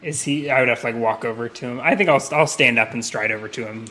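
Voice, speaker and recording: A man's voice: mid-range voice, quick pace, bright, forceful tone, a little hiss or hum. A man playing a tabletop role-playing game, casual and hesitant, with dry jokes. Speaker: player.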